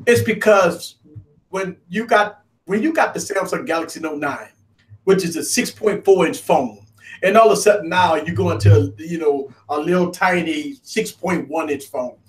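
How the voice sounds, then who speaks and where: A man's voice: on the high side, moderate pace. A man hosting a tech live stream, chatting casually and emphatically with his guests. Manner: animated and emphatic. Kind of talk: casual chat.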